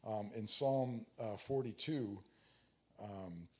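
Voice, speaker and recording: A man giving a sermon on prayer in a conversational, halting way, with many fillers and restarts, who reads scripture aloud with rising emphasis. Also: fairly low pitch, a bit bright. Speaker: prayer teacher. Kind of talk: sermon teaching.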